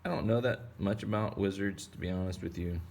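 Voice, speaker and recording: Deep-voiced, jokey man teaching kids to draw. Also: fairly quick, vocal fry, darkish tone. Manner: rambling, playful, joking asides. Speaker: drawing teacher. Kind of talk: casual drawing tutorial for kids.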